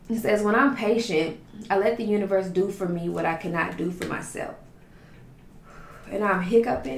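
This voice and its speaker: A woman's voice: medium pitch, roomy sound, slight background noise. A woman giving a spiritual tarot reading in a flowing, repetitive, affirming way, stacking up lists of phrases. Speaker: tarot reader.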